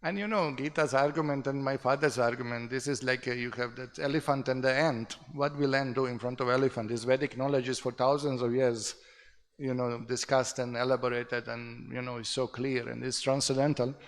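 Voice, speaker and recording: A man's voice: mid-range voice, fairly even intonation, fairly quick, long reverb tail. A man leading a casual scripture class, talking conversationally, tagging remarks with "no?" and chuckling at his own stories. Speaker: scripture teacher. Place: temple hall.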